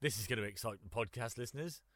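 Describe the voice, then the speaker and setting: A man's voice: medium pitch, fast, a bit bright, no echo. A man co-hosting a podcast over a video call, full of crude, playful banter and silly sound effects. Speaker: podcast co-host. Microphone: headphones and mic on a video call.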